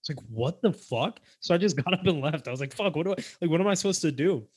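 A young man co-hosting a podcast, telling stories in a casual chat with loud outbursts and mumbled asides. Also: fairly high pitch, rapid-fire, slightly rough, dry recording. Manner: animated storytelling, swings from mumbling to loud outbursts. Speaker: podcast co-host.

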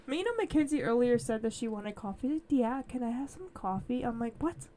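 A young woman co-hosting a casual podcast, telling stories in an animated way and acting out what people said. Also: on the high side, brisk. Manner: animated storytelling, acts out quotes. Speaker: podcast co-host. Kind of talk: casual chat.

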